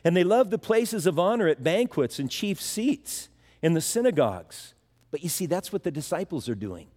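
A man's voice: sits high, big pitch swings, moderate pace, a little mellow, big-room sound. A man preaching a sermon, teaching through a Bible passage in a conversational way and acting out the quoted lines. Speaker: pastor.

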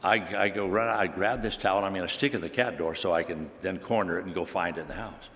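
A man's voice: sits low, quick pace, a bit bright, in a large hall. A man preaching a sermon, telling a personal story with animation and building to emphatic preaching. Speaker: pastor.

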